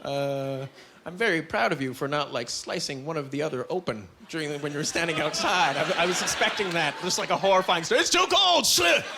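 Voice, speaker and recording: A young man from Canada doing an animated stand-up set into a stage mic, breaking into loud character voices. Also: a little high, brisk, noisy background. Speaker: stand-up comedian. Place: comedy club stage. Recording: live club with audience.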